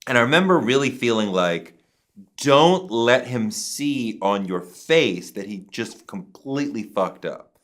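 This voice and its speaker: A male interview guest recounting a story with lots of rise and fall in his voice. He is emphatic, swears casually and slips into other people's voices as he quotes them. His pitch sits in a middle range for a man. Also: animated, unhurried, fairly bright tone.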